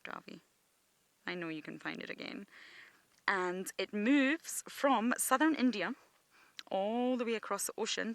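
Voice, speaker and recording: A woman's voice: medium pitch, a bit bright, dry recording. A woman from Britain, guiding a live outdoor game drive and explaining wildlife with enthusiasm. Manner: enthusiastic, explaining nature facts to viewers. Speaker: safari guide.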